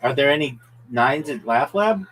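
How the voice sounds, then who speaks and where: A man's voice: medium pitch, lively intonation, normal speed, fairly bright tone, poor audio. A man hosting a casual game stream with friends, brash and profane, boasting to viewers like a mock announcer. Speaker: host. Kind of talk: casual chat while playing a game with friends.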